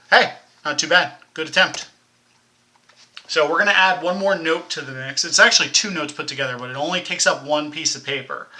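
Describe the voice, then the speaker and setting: Bright-voiced man teaching kids rhythm. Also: on the high side, a little fast. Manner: encouraging, counts in and chants rhythm syllables. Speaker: music teacher. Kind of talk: recorded elementary music lesson.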